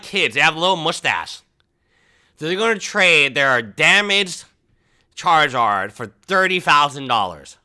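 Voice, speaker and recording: A man hosting a livestream, chatting casually and rambling, often mimicking people in a high mocking voice. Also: sharp tone. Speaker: livestream host.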